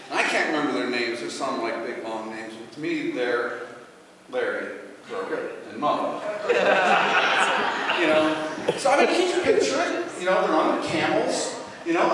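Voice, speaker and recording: A man performing standup comedy at a coffee house event, chatty and animated with plenty of fillers. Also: a little high, noisy background. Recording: echoey hall from far off, crowd.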